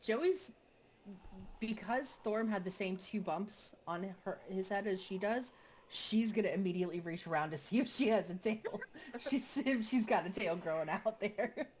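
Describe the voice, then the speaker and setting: A woman's voice: mid-range voice, normal speed, a little mellow, slight background noise. A woman playing a tabletop game, chatty and laughing, describing her character's actions in third person. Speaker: player.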